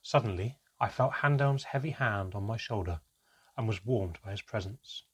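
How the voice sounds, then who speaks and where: A man reads a fantasy story aloud in steady first-person narration. His voice sits low and carries a husky grain. The delivery is calm and even throughout. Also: normal speed. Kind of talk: storybook reading.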